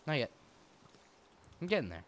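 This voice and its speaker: A young man hosts a game playthrough on a desk mic without a pop filter. He teases his partner playfully, sliding from low mumbles to high yelps with a very lively pitch. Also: moderate pace, no echo. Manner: playful, teasing, swings from mumbling to yelping. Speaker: let's play host. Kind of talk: casual gameplay commentary.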